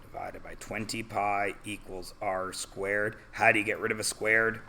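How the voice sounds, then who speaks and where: Slow, bright-voiced male math teacher. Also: fairly low pitch, little pitch movement, creaky, a little hiss or hum. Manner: walks students through steps with questions. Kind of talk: classroom algebra review. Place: classroom.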